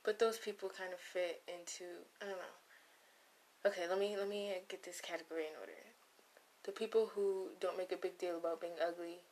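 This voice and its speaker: Rambling young woman with a lowish voice. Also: steady tone, fairly quick, darkish tone. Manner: rambling, loses her train of thought, playful asides. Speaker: vlogger. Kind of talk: casual comedic monologue. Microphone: close microphone.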